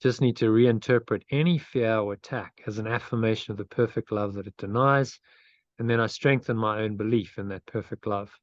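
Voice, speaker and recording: A man's voice: fairly low pitch, a little fast, no room sound, muffled recording. Earnest man leading a group online. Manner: earnest, repeats and restarts phrases while thinking aloud. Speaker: study group leader. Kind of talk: group discussion and guided meditation.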